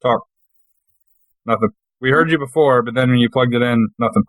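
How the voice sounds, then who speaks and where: A man's voice: medium pitch, moderate pace, dry recording. A man playing a tabletop game over a video call, teasing the others and swearing often. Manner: teasing, laughing, lots of swearing. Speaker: player.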